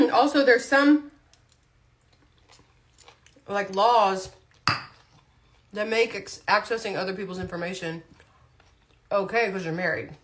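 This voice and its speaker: A woman's voice: mid-range voice, slow pace, long pauses, noisy background. A woman talking casually on a livestream, blunt and chatty, chewing food as she speaks. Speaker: vlogger.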